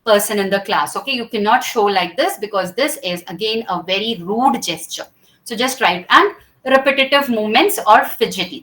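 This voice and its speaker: In a classroom, a woman explains public speaking gestures one step at a time, acting each out and regularly checking in with "okay?" Her mid-range voice sounds a bit bright, and the audio is poor.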